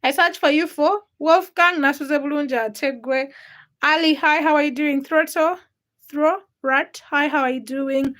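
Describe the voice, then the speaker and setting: Woman livestream host from Uganda, high bright voice, chatty and friendly, reading and answering comments from home. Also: steady tone, a little slow. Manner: chatty, greets viewers by name, answers comments. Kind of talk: casual livestream chat greeting viewers.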